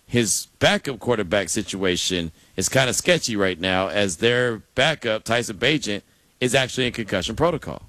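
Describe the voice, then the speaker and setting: A man's voice: on the low side, animated, normal speed, fairly bright tone, dry recording. A man hosting a sports radio show, talking casually and thinking aloud, sometimes repeating words as he goes.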